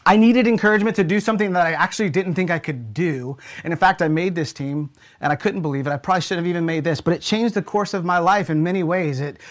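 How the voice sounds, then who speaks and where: A young adult man, a pastor from the United States, preaching a sermon with earnest storytelling that drops to a hush at key moments. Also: fairly high pitch.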